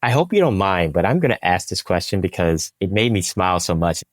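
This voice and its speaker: A man's voice: sits low, very animated, fairly quick, dry recording, studio quality. A man hosting an interview podcast, asking questions and encouraging his guest with brief replies. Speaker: podcast host. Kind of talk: casual interview.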